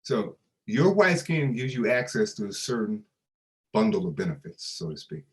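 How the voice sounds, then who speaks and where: Older guy telling stories in an interview, voice goes all over the place, totally animated. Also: fairly low pitch, normal speed, poor audio. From United States. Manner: animated storyteller who acts out quoted dialogue. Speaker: interview guest. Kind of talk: storytelling interview.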